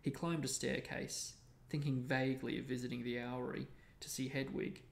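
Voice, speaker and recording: Male reader, creaky tone, echoey room sound. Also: mid-range voice, moderate pace. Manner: steady storytelling. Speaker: reader and show host. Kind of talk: reading a novel aloud. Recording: roomy echo.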